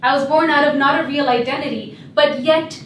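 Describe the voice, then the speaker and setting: A young adult woman gives a humorous, lively storytelling talk in a high, bright voice, speaking a little fast. She sits far from the mic in an echoey event hall, with faint room ambience and a little hiss or hum in the background.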